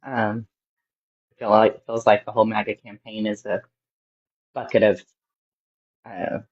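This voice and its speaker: A woman's voice: rumbling low, flat delivery, unhurried. A woman calling in to a political talk show who speaks earnestly and thoughtfully, searching for her words. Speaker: caller. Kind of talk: call-in discussion. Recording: dull lo-fi call line.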